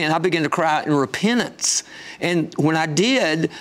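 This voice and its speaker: A man guest telling an emotional testimony with fervent storytelling, rising high when excited. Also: moderate pace.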